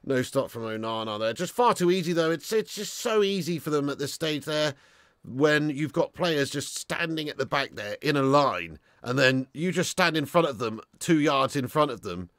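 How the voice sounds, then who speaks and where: A man hosts a live football watch-along, cursing freely, reading out viewer messages and swinging between shouts and grumbling. His voice sits high and cuts through with a bright, sharp edge. The sound is dry and close, with no room around it. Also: no echo. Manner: sweary, swings from shouting to muttering.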